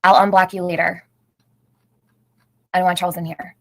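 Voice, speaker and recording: Woman, middle-aged, livestream host, casual chat, greets viewers by name, slightly low voice, dry close sound. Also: little pitch movement, moderate pace, creaky, no echo, rough recording. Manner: chatty, greets viewers by name, laughs often.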